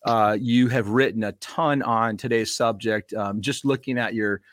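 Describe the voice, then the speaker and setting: A man's voice: medium pitch, fairly even intonation, normal speed, no room sound. A man hosting a podcast, speaking casually with many fillers and a friendly, rambling manner. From United States. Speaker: podcast host and pastor.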